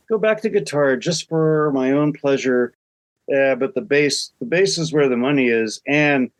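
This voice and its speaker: A man's voice: mid-range voice, dry recording. An older man in his sixties, co-hosting a podcast, telling rambling, self-deprecating stories in casual chat. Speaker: podcast co-host.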